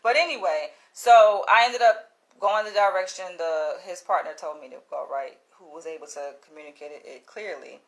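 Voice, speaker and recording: A woman vlogging, telling a story in a casual, animated way, swearing freely, laughing and acting out what others said. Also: fairly low pitch, normal speed. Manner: animated, profane, laughs often, acts out quotes.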